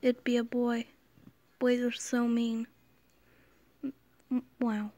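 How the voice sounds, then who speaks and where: A woman giving casual, rambling commentary as she scrolls through posts, now and then dropping into quiet whispers. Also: a little high, completely flat delivery, slow, no echo. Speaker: channel host.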